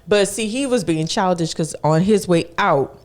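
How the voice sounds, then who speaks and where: A man's voice: sits high, normal speed. A young man hosting a podcast, telling a work story in a casual, chatty way and acting out the people in it. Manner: animated, acts out the people in his stories; colloquial, chatty. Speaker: podcast host.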